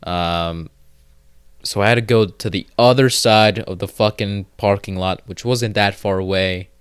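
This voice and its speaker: A man's voice: fairly low pitch, fairly even intonation, unhurried, clear, resonant tone, dry recording, studio quality. A man hosting a solo podcast, telling a rambling, profane story full of fillers and restarts. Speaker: podcast host. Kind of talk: casual solo podcast monologue.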